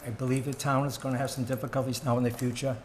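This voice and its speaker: A former board member giving heartfelt public comment at a town meeting, earnest and plain with frequent fillers. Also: male voice, mid-range voice, little pitch movement, rapid-fire, slight background noise.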